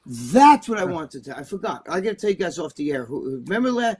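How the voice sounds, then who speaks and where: A man's voice: high-pitched, big pitch swings, brisk, darkish tone, breathy edge. A man chatting on a podcast in a brash, blunt way, swearing freely. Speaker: podcast guest. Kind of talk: casual podcast chat.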